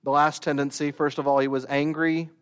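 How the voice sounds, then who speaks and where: A man preaching a sermon, slow and deliberate, rising to loud emphatic peaks and dropping to quiet asides. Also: a little high, little pitch movement, smooth. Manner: slow, deliberate delivery with long pauses.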